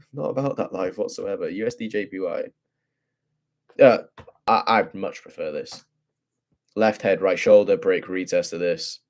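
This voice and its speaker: This is a young man walking through his trading charts. His voice sits very low and deep. He muses aloud in loose, profane slang. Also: unhurried, pauses often, a little mellow. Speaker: forex trader. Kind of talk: casual chart breakdown.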